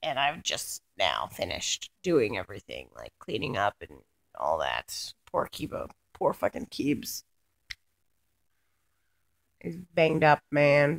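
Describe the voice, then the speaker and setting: A young woman with a deep, gravelly voice vlogs a casual rant about her week. She sounds fed up, wanders from point to point, swears often and keeps restarting what she's saying.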